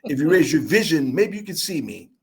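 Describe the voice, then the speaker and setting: Lively fast-talking man, animated. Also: on the high side, creaky. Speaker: guest speaker. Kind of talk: casual interview chat.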